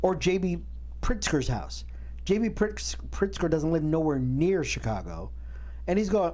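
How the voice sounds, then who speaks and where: A man's voice: a little high, a little slow. A man co-hosting a faith and culture talk show, chatting casually and acting out other people's words, with frequent restarts. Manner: animated, acts out quotes, many restarts. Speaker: co-host. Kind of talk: casual chat about faith and current events.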